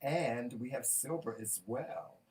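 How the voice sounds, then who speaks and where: A man from North Carolina co-hosting a casual chat show, talking in a playful, teasing, animated way. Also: medium pitch, slow, distant mic. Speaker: co-host.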